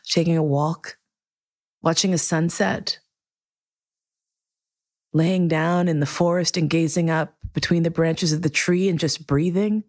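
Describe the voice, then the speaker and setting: A woman hosting her own podcast, speaking earnestly and emotionally to listeners, with frank, profane warmth. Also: lowish voice, no room sound, clean studio sound. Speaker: podcast host. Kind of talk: heartfelt solo podcast monologue.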